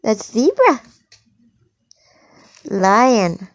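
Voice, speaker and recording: A woman's voice: a little high, very animated, drawn-out words, no room sound, studio quality. A woman patiently teaching a toddler animal names at home, with exaggerated encouraging praise.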